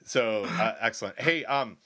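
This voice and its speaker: A man's voice: fairly low pitch, expressive, a little slow, sharp tone, no echo. Podcast guy goofing around from home, mic right up close, dry sound. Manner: playful, jokey, rambling. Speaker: podcast co-host. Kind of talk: casual chat. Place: home office. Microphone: held close to the mouth.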